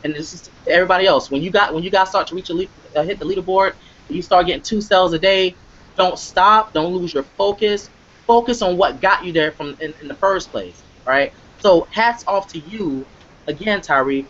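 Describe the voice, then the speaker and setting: A man hosts a live motivational webcast, speaking emphatically, repeating himself, and frequently checking in with "right?". His voice sits high with a fairly bright tone, and he talks a little fast. The sound is lo-fi.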